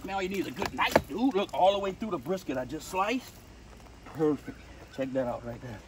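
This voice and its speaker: A man's voice: expressive, normal speed. Boisterous Louisiana man demonstrating outdoors. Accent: Louisiana Cajun. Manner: boisterous and slangy, says dude and boom a lot. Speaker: host. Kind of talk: hands-on how-to demonstration. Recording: distant mic with loud outdoor noise.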